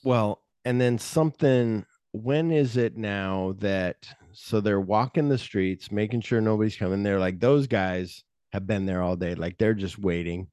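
A man co-hosting a podcast, casually retelling movie scenes with lively energy and jumping into high-pitched voices when he quotes characters. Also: unhurried, hardly any pauses, clear, resonant tone, no echo, clean studio sound. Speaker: podcast co-host.

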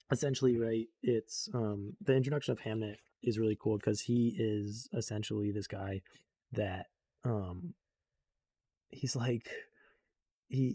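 Young man for a rambling casual recap, husky mellow voice, dry close sound, lots of ums and animated quoting. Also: on the low side, dry recording. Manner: rambling, full of fillers, animated quoting of characters. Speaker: book recap vlogger.

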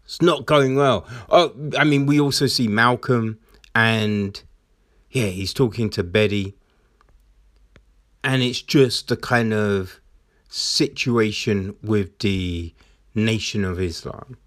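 Guy recapping a movie, slow and rambly, lots of you knows, dry audio. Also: on the low side, a bit bright, no echo. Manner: rambling, many fillers and restarts. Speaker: film reviewer. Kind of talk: casual film recap.

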